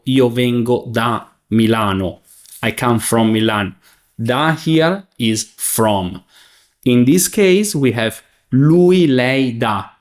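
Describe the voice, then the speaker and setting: A man teaching a beginner grammar lesson, saying each verb form clearly and translating it in a patient, careful way. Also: medium pitch. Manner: patient, spells out forms and translates each one. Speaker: Italian teacher.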